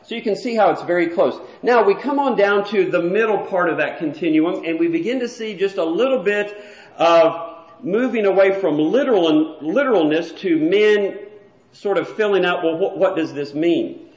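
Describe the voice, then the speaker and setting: A man with a high-pitched voice, lively intonation, and a moderate pace teaches a morning Bible class in a church hall. He walks listeners through a chart in a plain, teacherly way, and the room recording is echoey, dull, and lo-fi.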